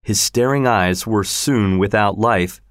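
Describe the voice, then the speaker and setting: A man reading a story aloud as the narrator, in a slow, expressive storytelling manner. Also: fairly low pitch, no room sound, clean studio sound. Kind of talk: scripted audiobook narration.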